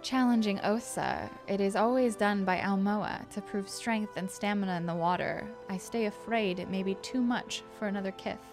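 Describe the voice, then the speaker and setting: Role-play read: a calm, ceremonial race master woman, voiced by a streamer, with music under. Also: mid-range voice, close to an everyday voice. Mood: solemn. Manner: formal, measured ceremonial speech.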